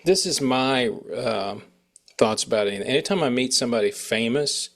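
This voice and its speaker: A man's voice: mid-range voice, lively intonation, moderate pace, a bit bright. A man hosting a casual interview, rambling and trailing off mid-sentence as he asks questions. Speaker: interviewer host.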